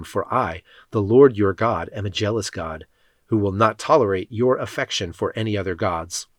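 A man reading Bible passages aloud in a measured, solemn way. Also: fairly low pitch, dry recording, clean studio sound. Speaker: scripture reader.

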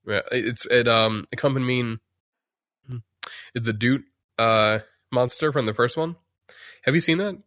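A man's voice: mid-range voice, unhurried, pauses often, fairly bright tone, no echo, clean studio sound. A man chatting casually on a podcast, rambling with many restarts and fillers while acting out quotes. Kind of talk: casual chat.

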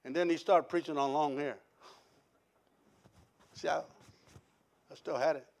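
A man preaching a sermon, telling his testimony in an animated storytelling way and quoting other people. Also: on the high side, takes it slowly, creaky. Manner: animated storytelling with quoted voices.

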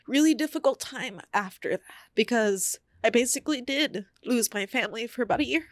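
A woman's voice: fairly high pitch, animated, normal speed, fairly bright tone, no room sound. A young woman on a podcast, candidly telling a personal story in casual chat, with many fillers. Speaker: podcast co-host.

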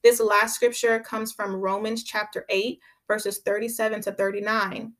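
A woman's voice: mid-range voice, little pitch movement, normal speed, fairly bright tone. A woman hosting a podcast, giving a conversational Bible teaching. She speaks emphatically, repeats her key phrases, and keeps checking in with her listeners by asking "right?". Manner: drives points home by repeating phrases.

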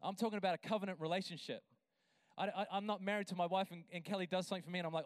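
A man preaching a sermon as a pastor, building to emphatic, drawn-out lines and breaking into chatty asides with a laugh. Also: high-pitched, steady tone, no echo, clean studio sound.

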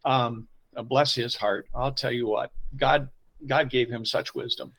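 A middle-aged man, a pastor telling personal stories in an interview, swinging from quiet asides to loud emotional bursts. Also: medium pitch, fairly even intonation, a little slow, gravelly, rough recording. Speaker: pastor, podcast guest. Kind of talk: conversational storytelling interview.

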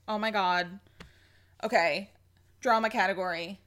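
Bright, excitable young woman gushing. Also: on the high side, normal speed. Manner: excitable, gushing, swears freely. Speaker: podcast co-host. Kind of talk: casual chat.

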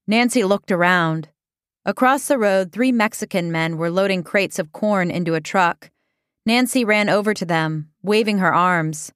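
A woman reading a comic story aloud as narrator, in a deadpan way. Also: mid-range voice, moderate pace, smooth, no echo, clean studio sound.

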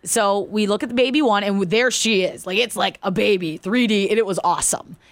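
A woman's voice: medium pitch, a little fast, dry recording. A woman casually telling a personal story, acting out the voices of the people in it. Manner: animated, acts out quoted voices.

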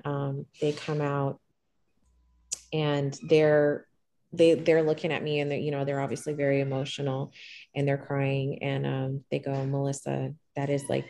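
A middle-aged woman, a guest telling a personal story in conversation, calm and even-keeled, with frequent fillers and restarts. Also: slight background noise. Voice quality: gravelly low voice.

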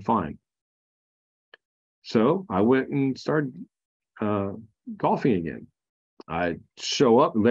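A man's voice: lowish voice, a little mellow, dull audio. A man, a Marine veteran guest on a podcast, telling his own story frankly, with many fillers and restarts. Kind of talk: candid personal storytelling.

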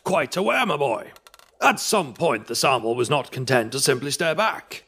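An eccentric old academic who talks in calm, formal sentences. He is self-assured and unbothered, in an ordinary middle-pitched voice. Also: normal speed, slightly rough, exaggerated voice. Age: older. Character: eccentric old male professor, calm and pompous. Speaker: professor.

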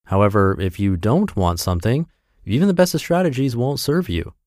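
A man's voice: medium pitch, animated, brisk, darkish tone, dry recording, studio quality. A man narrating a self-help blog post for his podcast in an upbeat, emphatic reading voice.

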